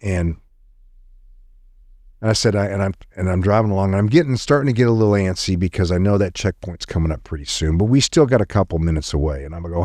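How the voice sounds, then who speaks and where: Brief: middle-aged male guest, lowish voice, animated storyteller, dry close mic. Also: quick pace, dry recording. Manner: animated storyteller who acts out quoted dialogue. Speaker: podcast guest, retired intelligence officer. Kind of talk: storytelling in conversation.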